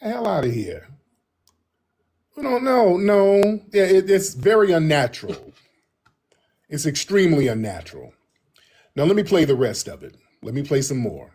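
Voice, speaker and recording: A man giving political reaction commentary in an emphatic, animated way, often repeating himself for effect. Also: fairly high pitch, normal speed, long pauses, husky.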